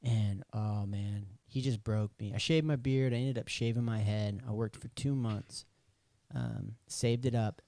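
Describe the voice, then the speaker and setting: A man's voice: fairly low pitch, steady tone, unhurried, warm tone, no echo. A young adult man telling a personal story as a podcast guest, acting out the dialogue in it. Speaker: podcast guest, recording artist. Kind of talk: casual storytelling interview.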